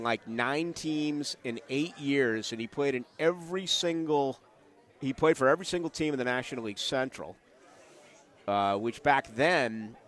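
Animated middle-aged man telling stories. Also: mid-range voice. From Boston. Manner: animated storyteller, restarts often, acts out quotes. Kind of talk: casual sports chat.

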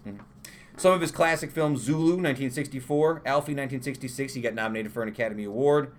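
A man's voice: medium pitch, quick pace. A man co-hosting a podcast, reading out history trivia in a chatty, joking way, with an Upstate New York accent. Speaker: podcast co-host. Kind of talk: casual podcast chat.

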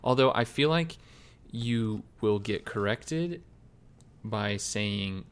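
A podcast co-host in casual chat who fires off quick, incredulous questions. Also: medium pitch, lively intonation, smooth.

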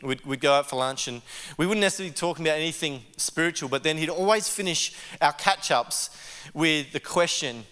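Bright high-voiced male pastor, reverberant hall. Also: fairly quick, smooth. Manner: earnest, stumbles and repeats words. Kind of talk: conversational sermon. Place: church service.

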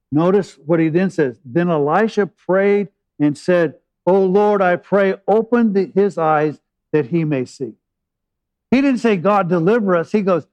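A man delivers a sermon, retelling the old story in his own words. His voice sits a little high for a man, and he slows down on key phrases with pauses before stepping out to explain. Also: expressive, dull audio. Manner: retells scripture with dramatic pauses and asides. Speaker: preacher.

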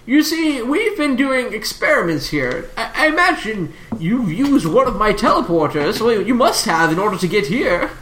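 A game master voicing an absent-minded wizard professor who rambles through explanations in a lively voice, in a roomy recording. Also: medium pitch, moderate pace, hardly any pauses, slight background noise, pitched above the performer's own voice. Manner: rambling, distracted scholar. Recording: roomy echo.

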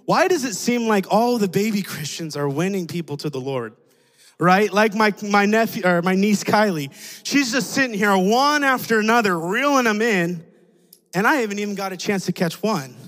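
A man preaching a sermon in a conversational, animated way, telling a personal story and acting out the voices in it. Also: high voice, long reverb tail.

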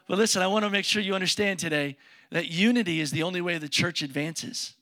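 In a church sanctuary, a pastor preaches to his congregation in a casual, joking way, putting questions to them as he goes. His voice sits high, with a quick pace and sharp tone.

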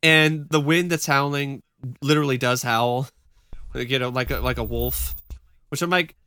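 A podcast co-host chats casually and animatedly, laughing often and restarting his words. His medium-pitched voice is smooth with a sharp tone at normal speed, recorded in studio quality with no room sound.

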